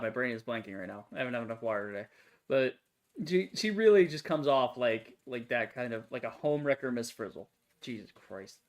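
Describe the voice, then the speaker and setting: A woman hosting a gaming channel, chatting casually through a game, swearing and laughing often. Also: very deep voice. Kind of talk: let's play commentary.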